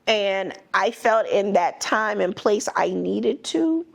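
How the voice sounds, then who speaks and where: A woman's voice: medium pitch, expressive, takes it slowly, creaky. A middle-aged woman hosting a podcast, telling a personal story in a blunt, emphatic and candid way. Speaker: podcast host.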